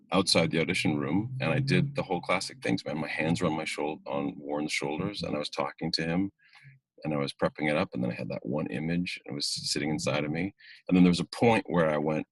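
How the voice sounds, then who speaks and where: A man with a low, husky voice hosts an acting webinar, recounting an audition in easy, casual talk. He slips into the people he quotes with lively energy. The sound is close and dry, with no room around it. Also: no room sound. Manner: animated, acts out quoted voices. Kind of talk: casual storytelling and advice. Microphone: webinar video call.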